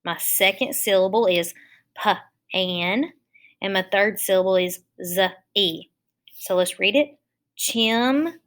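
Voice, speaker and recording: Slow, patient woman teaching phonics. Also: mid-range voice, fairly even intonation, a bit bright. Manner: slow, patient, step-by-step explaining. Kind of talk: phonics lesson for young children.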